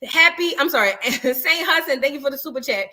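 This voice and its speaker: A woman's voice: high voice, expressive, a little fast, bright, forceful tone. A woman hosting a casual livestream, chatty and sassy, reading out super chats and thanking viewers. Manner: chatty, sassy, calls viewers girl and boo. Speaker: livestream commentary host.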